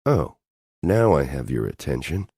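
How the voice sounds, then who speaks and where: A man's voice: rumbling low, sing-song, measured pace, vocal fry, dark tone, husky, no echo, studio quality, exaggerated voice. A man voicing a cold, commanding male alien agent in an audiobook, speaking in a clipped, exasperated way. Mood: mocking.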